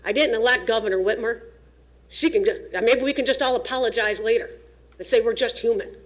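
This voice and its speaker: A woman's voice: on the high side, a little fast. A woman giving an emotional, pleading public comment at a school district meeting, nervous and shaking as she speaks into a podium microphone. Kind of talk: impassioned public comment speech.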